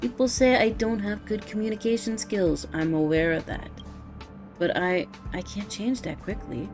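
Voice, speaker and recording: A woman's voice: medium pitch, moderate pace, darkish tone, faint music behind, natural voice. Woman voicing Emily, a curt prickly researcher. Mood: flustered. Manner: curt and defensive.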